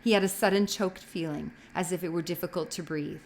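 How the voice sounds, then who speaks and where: A woman's voice: fairly low pitch, fairly even intonation, brisk, gravelly, slight background noise. A woman reading a novel aloud expressively, with occasional slips that she corrects as she goes. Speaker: reader.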